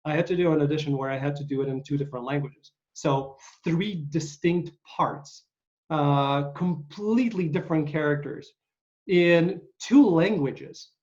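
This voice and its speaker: A man's voice: a little high, moderate pace, darkish tone. A middle-aged man hosting a podcast, rambling casually with lots of hesitant fillers. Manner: rambling, hesitant, many uhs. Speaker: podcast host. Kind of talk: casual interview chat. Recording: dull lo-fi audio.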